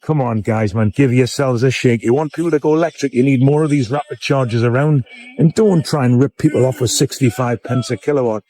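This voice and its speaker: A man's voice: medium pitch, a little fast, warm tone. Blunt, indignant man. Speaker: vlogger. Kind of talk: casual rant to camera. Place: outdoors at a car charging point.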